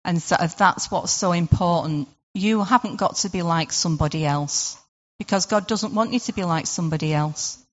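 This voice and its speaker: A woman gives an informal devotional talk in a low voice, leaning on rhetorical questions and "sort of" fillers. The recording sounds dull and lo-fi. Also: normal speed, long reverb tail. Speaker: devotional speaker.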